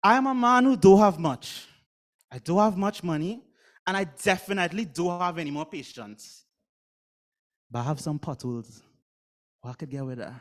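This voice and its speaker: A man's voice: high-pitched, animated, normal speed, long pauses. A man with a Trinidadian accent performing a comic spoken word poem in a theatrical way. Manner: comic, theatrical delivery with mock voices. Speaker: slam poet.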